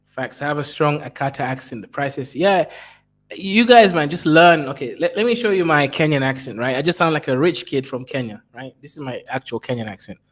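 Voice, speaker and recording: A man reacting to a video in casual commentary, animated and jokey. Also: fast talker. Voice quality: animated and jokey, with swings in pitch. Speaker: reaction streamer.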